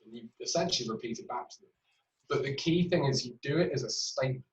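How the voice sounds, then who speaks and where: A man's voice: medium pitch, fast talker. A man teaching clinical communication skills in a webinar, explaining with patient examples and frequent fillers. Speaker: clinical trainer. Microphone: webinar recording. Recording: roomy, distant, dull audio.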